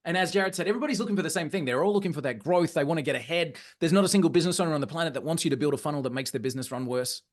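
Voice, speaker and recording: A man presenting a live online training session, energetic and often checking in with his audience. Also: on the high side, very fast, hardly any pauses. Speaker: webinar presenter.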